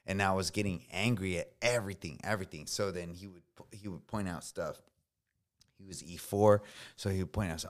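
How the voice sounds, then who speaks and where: With a low voice and steady tone, a thirty-something veteran speaks a little fast as a podcast guest. His storytelling is slangy and laid-back, full of swearing and frequent "bro"s.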